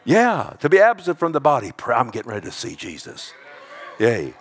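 Man preaching with swings in loudness. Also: mid-range voice, wildly swooping pitch, a little fast, slight background noise. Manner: preaching with sweeping swings between hushed and loud; calls out "amen" and "loved one" to the listeners. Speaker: pastor. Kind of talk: sermon.

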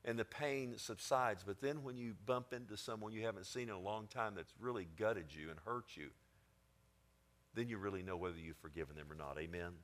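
Guy preaching a sermon, goes soft then loud, keeps asking amen?. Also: on the low side, brisk. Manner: expressive, swings between quiet and emphatic; asks the congregation for amens.

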